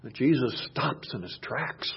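Husky preacher swinging from hush to shouts. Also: male voice, medium pitch, animated, unhurried, lo-fi sound. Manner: swings from hushed murmurs to loud shouted quotes. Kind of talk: sermon.

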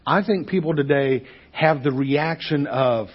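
Man, pastor, sermon, raspy husky voice, animated, dull muffled recording. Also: mid-range voice, normal speed, few pauses. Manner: animated, conversational preaching with rhetorical questions.

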